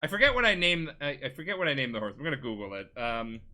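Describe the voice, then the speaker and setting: A man's voice: mid-range voice, very animated, quick pace, pushed and bright. A tipsy man hosting a casual podcast, rambling, swearing and giggling as he retells a game plot. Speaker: podcast host.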